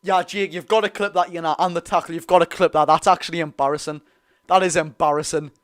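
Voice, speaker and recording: A young man with a Geordie accent giving excitable, partisan live commentary on a football match for his viewers. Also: a little high, quick pace. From North East England. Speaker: football fan streamer.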